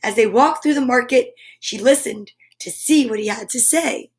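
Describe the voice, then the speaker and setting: A woman reading a children's picture book aloud on a livestream, gentle and enthusiastic, often dropping to a whisper. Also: on the high side, normal speed. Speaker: storyteller.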